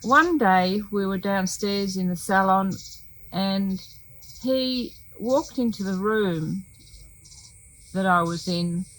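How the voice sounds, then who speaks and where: An older woman tells her story slowly and earnestly, pausing often between phrases. Her pitch sits in a middle range, and crickets chirp faintly behind her. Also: fairly bright tone, rough recording. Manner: slow, earnest storytelling with many pauses. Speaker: women's talk show host. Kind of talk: personal testimony.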